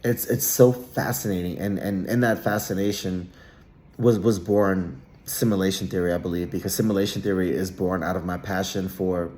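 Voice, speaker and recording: A man's voice: low-pitched, steady tone, moderate pace, darkish tone. A man giving a casual solo monologue, rambling with frequent restarts and repeated words. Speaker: vlogger.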